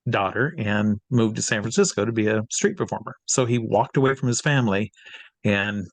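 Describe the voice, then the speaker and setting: A man from Iowa telling a long personal anecdote as an interview guest, lively, his voice jumping high when he reenacts scenes. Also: moderate pace, dry recording. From Iowa, USA. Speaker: interview guest, hypnotist and magician.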